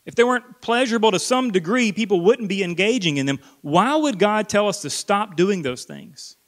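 A man preaches a sermon in a slightly higher-than-usual voice. He is earnest, repeats words for emphasis and drops to a hush on key points. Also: expressive, moderate pace. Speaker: pastor.

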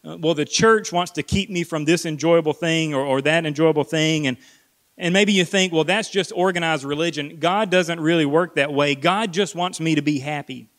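Speaking at a moderate pace, a pastor earnestly preaches in a voice a bit higher than usual. He repeats words for emphasis, and key points come out in a hush.

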